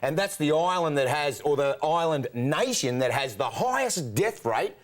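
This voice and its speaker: A man with an Australian accent, a talk show guest telling animated comic stories full of sound effects. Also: fairly high pitch. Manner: excitable, fast-moving, vivid sound effects.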